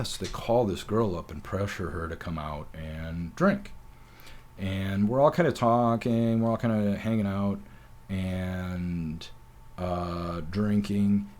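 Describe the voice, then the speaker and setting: A man from North Dakota hosting a talk show, telling comic stories in an animated, profane way and acting out quotes. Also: lowish voice. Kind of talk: comedic storytelling.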